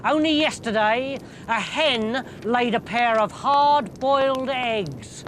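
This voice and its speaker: A man voicing a pompous old shepherd who speaks in a slow, grand, prophetic way, over music. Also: extremely high pitch, animated, a bit bright, slight background noise, pitched above the performer's own voice, heavily acted. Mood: solemn.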